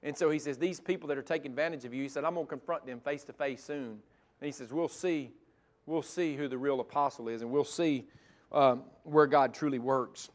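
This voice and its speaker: A middle-aged male pastor preaching a sermon, moving from loud emphatic passages to soft, intimate ones. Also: medium pitch, brisk.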